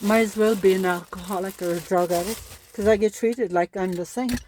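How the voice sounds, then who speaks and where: A woman's voice: medium pitch, steady tone, fairly quick, a little mellow, a little hiss or hum. A woman speaking a personal monologue to camera as a parent, upset and pleading, repeating herself.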